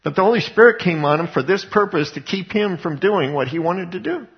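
Male pastor, sermon, conversational storytelling, higher voice, dull lo-fi recording. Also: expressive, brisk. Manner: conversational storytelling, retelling scripture in his own words. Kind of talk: Bible teaching sermon.

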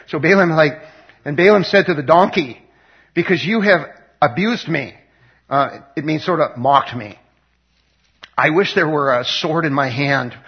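A man with a fairly high, husky voice teaches a Bible passage loosely and conversationally, reading verses aloud and retelling them with lots of fillers and restarts. The recording is dull and lo-fi.

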